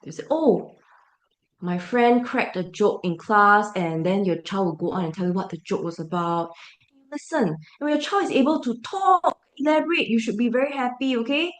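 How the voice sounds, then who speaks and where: A woman's voice: on the high side, fairly quick, roomy sound. A woman giving a parent briefing as a teacher, emphatic and full of rhetorical check-ins.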